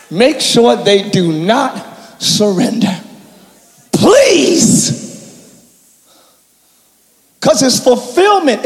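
Man, pastor, preaching loud, high-pitched, long church reverb, congregation behind. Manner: shouting, preaching with call-and-response to the congregation. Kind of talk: sermon. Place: large church hall with congregation. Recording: echoey church hall, live crowd.

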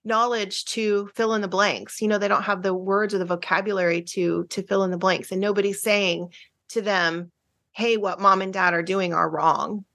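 A woman's voice: medium pitch, fairly even intonation, fairly bright tone. Earnest chatty woman counselor. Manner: earnest, chatty, many fillers and restarts, quick laughs. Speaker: marriage counselor, guest. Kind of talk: casual interview chat.

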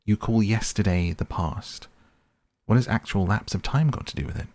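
A man's voice: fairly low pitch, moderate pace, darkish tone, no room sound, clean studio sound, lightly acted. A man reading as a cool, self-absorbed young aesthete. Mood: languid.

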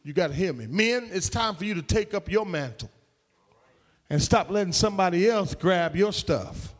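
A man's voice: high voice, lively intonation, moderate pace. A man preaching a sermon in an emphatic, call-and-response way, with folksy slang.

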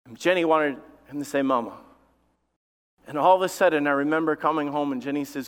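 High-voiced pastor preaching in a hall. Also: male voice, fairly quick, smooth. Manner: conversational storytelling with laughs and rising emphasis. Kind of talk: sermon. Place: church sanctuary. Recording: long reverb of a large hall.

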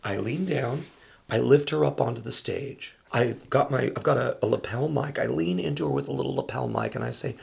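Male storyteller, gravelly and husky, animated anecdote delivery. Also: medium pitch, a little fast. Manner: acts out quoted voices, restarts often. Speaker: comedian telling a story.

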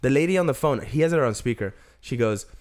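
A man's voice: medium pitch, expressive, fast, darkish tone. A man chatting casually with a friend, retelling stories in a slangy way and doing the voices of the people in them. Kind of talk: casual chat.

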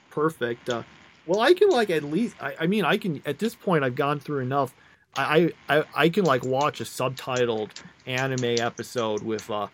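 Rambling young man in casual chat. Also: medium pitch. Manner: rambling, many fillers and restarts.

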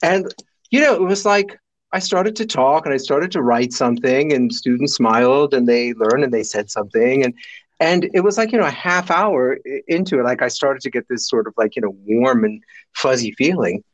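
A middle-aged man from the United States, a guest telling stories with animated delivery and acting out the people in them. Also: mid-range voice, normal speed, no echo, highs cut off. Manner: animated, acts out voices in his stories. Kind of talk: storytelling in a conversation.

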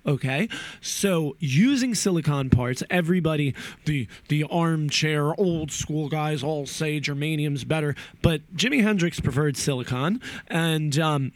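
A young man rambling about guitar pedals in a casual vlog, profane and animated. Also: fairly high pitch, measured pace, dry recording.

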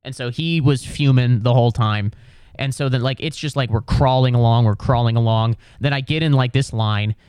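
A young American man tells a comedic story, rambling and sarcastic, piling on fillers and restarts. His voice is smooth and sits mid-range. The sound is dry and close on a podcast mic. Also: medium pitch, normal speed, a little mellow, dry recording.

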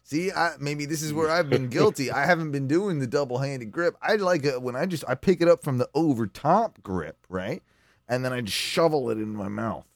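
A man's voice: mid-range voice, expressive, fairly quick, no echo, clean studio sound, faint music behind. A man hosting a podcast, chatting casually and reacting to a clip in a rambling, profane, wry way. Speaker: podcast host.

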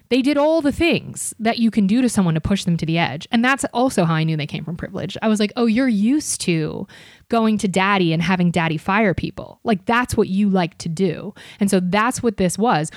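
Young woman comic, podcast guest; lively and profane storytelling, mimics other people, close dry sound. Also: fairly low pitch, no echo. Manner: animated, profane, acts out others' voices.

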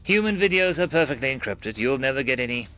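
A man's voice: mid-range voice, lively intonation, quick pace, pushed and bright. A man doing a stern old alien mentor. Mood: urgent. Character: older male alien archaeology mentor, stern.

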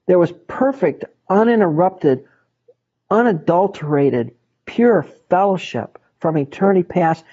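Emphatic male Bible teacher, mellow voice. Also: sits high. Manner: emphatic, repeats words for stress. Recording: dull lo-fi recording.

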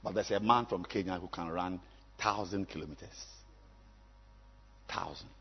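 A man, preaching a sermon as a pastor, swinging from low musing to loud exhortation. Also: normal speed, breathy edge, muffled recording. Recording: long hall reverb.

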